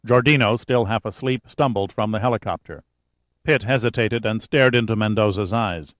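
A man reading a thriller audiobook in a steady, measured narration. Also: on the low side, dry recording, highs cut off. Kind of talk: scripted narration.

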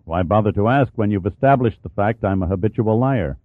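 A man voicing a cool, commanding male adventurer who speaks softly with controlled authority. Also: lowish voice, lively intonation, fairly quick, no echo, phone-quality sound, close to an everyday voice. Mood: cold. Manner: soft, controlled, acid.

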